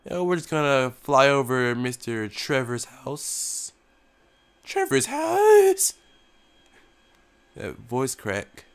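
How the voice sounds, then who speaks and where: A man's voice: mid-range voice, slow, few pauses, fairly bright tone, clear, resonant tone. A young man, sick with a cough, giving casual joking commentary while playing a flight game as a mock tour pilot. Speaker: gaming YouTuber.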